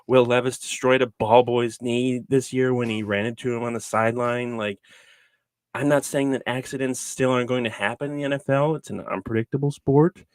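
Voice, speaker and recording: A man's voice: medium pitch, fairly even intonation, fairly quick, smooth, no echo. A man co-hosting a casual sports podcast, ranting in an exasperated way. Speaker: podcast co-host.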